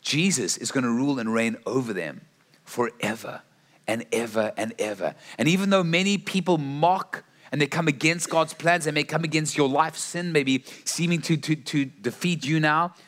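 Guy preaching a sermon, kinda high voice, earnest, restarts a lot. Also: normal speed, fairly bright tone. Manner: earnest, storytelling, with frequent restarts.

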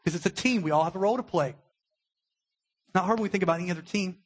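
A young adult man, a pastor, giving a conversational sermon with a husky voice and acted-out quotes. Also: sits high, fast. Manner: conversational preaching with acted-out quotes, emotional at times.

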